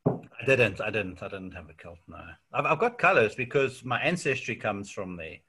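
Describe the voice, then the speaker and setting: A South African man talks easily in a casual interview, his voice bright and clear. He rambles through anecdotes, peppering them with "yeah" and "um". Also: fairly low pitch, normal speed. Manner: relaxed storytelling with frequent fillers and "yeah". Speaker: interview guest. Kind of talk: casual chat.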